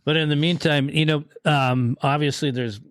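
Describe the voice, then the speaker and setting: A man's voice: a little high, steady tone, normal speed, fairly bright tone, dry recording, studio quality. A man hosting a casual podcast chat, talking in a reflective, rambling way with many fillers.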